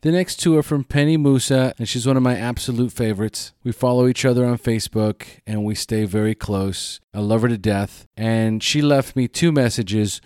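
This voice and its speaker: A man's voice: mid-range voice, moderate pace, few pauses, a little mellow, smooth, dry recording, studio quality. A man hosting a podcast, earnestly thanking his family and listeners. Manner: earnest, grateful. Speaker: podcast host.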